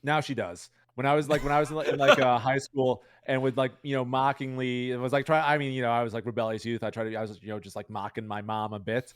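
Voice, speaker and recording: A man's voice: medium pitch, little pitch movement, clear, resonant tone, no room sound, studio quality. A young man chatting casually as an interview guest, rambling with lots of fillers. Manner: fast, rambling, heavy use of fillers. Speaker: guest streamer.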